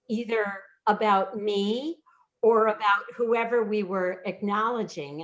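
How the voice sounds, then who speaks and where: A woman, a former cast member, wryly recalling backstage antics on a video call. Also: mid-range voice. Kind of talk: casual reminiscing on a video call. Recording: dull lo-fi call audio.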